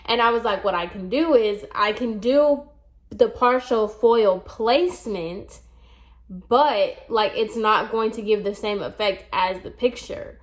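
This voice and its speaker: A woman's voice: medium pitch, a little slow. A young woman in her twenties, a hairstylist, chatting casually and animatedly as she retells a client story with quoted dialogue.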